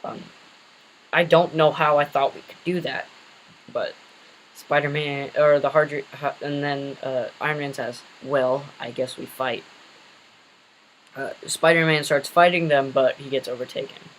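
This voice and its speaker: A man's voice: fairly high pitch, fairly even intonation, normal speed, fairly bright tone, slight background noise, rough recording. A man casually retelling an invented superhero story, rambling with many fillers and self-corrections.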